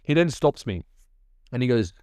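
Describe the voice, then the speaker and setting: A man telling his personal testimony in a lively, conversational storytelling manner. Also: medium pitch, moderate pace, no echo, clean studio sound. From Australia.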